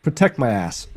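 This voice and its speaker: A man co-hosting a live sports show, laid-back and mostly giving brief agreeing replies. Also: medium pitch. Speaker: sports podcast co-host. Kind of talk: casual live draft chat.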